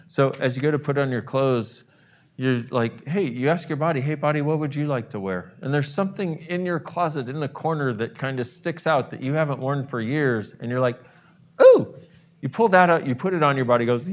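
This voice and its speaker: A man leading a guided visualization, acting out loud gasps and exclamations between softer stretches. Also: mid-range voice. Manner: animated, acts out exclamations and gasps, swings from soft to loud.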